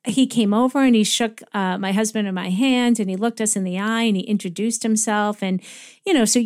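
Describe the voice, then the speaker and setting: A middle-aged woman hosts an interview in a gushing, appreciative way. Her voice sits at an ordinary pitch for a woman, and her pace is conversational. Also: fairly even intonation, fairly quick. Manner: effusive, warm praise. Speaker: host. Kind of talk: podcast interview.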